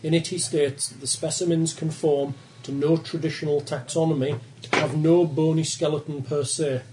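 A man narrates a tabletop horror game as game master in a measured, plain way. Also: fairly high pitch, level tone, darkish tone, a little hiss or hum, rough recording.

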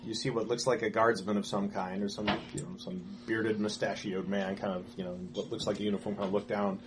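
A man's voice: lowish voice, flat delivery. Man narrating as game master, noisy. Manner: halting, full of fillers and restarts.

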